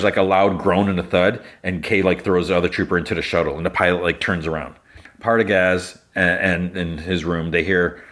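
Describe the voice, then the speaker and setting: Deep-voiced man casually recapping an episode. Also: fairly bright tone. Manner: loose retelling full of "like" and restarts. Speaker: podcast host.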